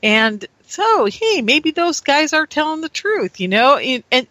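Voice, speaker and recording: A woman on a talk-radio call-in show, ranting animatedly and acting out credulous listeners in a higher voice. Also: very animated, measured pace, pushed and bright, no echo. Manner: ranting, mimics gullible listeners in raised voice. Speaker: radio guest.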